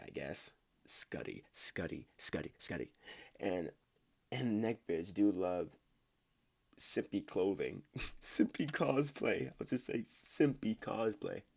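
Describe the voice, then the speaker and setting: A man's voice: low-pitched, darkish tone. A man reading online stories aloud in a casual way, stumbling over words and breaking off to comment on his own reading.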